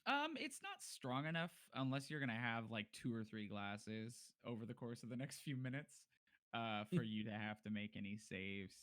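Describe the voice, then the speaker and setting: Relaxed man running a tabletop game. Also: medium pitch, normal speed. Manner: relaxed, with many fillers. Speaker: game master.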